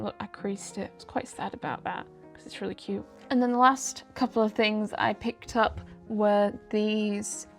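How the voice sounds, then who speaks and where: A young woman, chatting casually through a shopping haul, rambling and poking fun at herself. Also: mid-range voice. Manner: chatty, self-deprecating, rambling asides. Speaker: vlogger.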